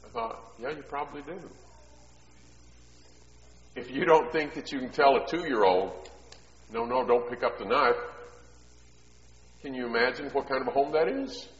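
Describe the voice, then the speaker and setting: A middle-aged man delivers a sermon in a long, ringing hall, his voice slightly muffled and dull. He slips from easy storytelling into loud, emphatic preaching and back again. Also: medium pitch, expressive, normal speed, pauses often. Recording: echoey hall, dull sound.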